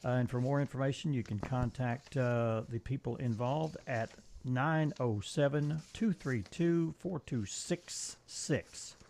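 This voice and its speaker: A man's voice: mid-range voice, measured pace, creaky, hardly any pauses, a little mellow. Easygoing man reading announcements. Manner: easygoing, hesitant with frequent uhs. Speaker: co-host of a local TV talk show. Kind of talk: casual chat reading community announcements.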